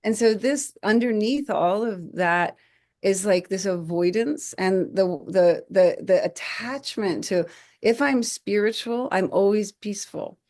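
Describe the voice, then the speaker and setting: A woman in her forties, a podcast guest, telling stories in an animated way, acting out quotes and often restarting her phrases. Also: medium pitch, a little slow. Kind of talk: conversational podcast storytelling.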